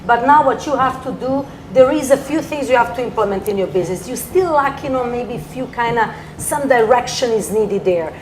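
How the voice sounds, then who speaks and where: Brief: woman guest astrologer, slightly high voice, rambling earnest advice, faint background hiss. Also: expressive, normal speed, few pauses. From from Toronto area. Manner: rambling, earnest advice-giving with broken grammar. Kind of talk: casual talk show chat.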